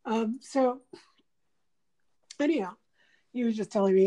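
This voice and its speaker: A middle-aged woman chatting casually, her voice a touch high yet warm and soft-edged. She tells her story with animated quotes and frequent laughter. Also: measured pace, rough recording. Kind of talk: casual chat.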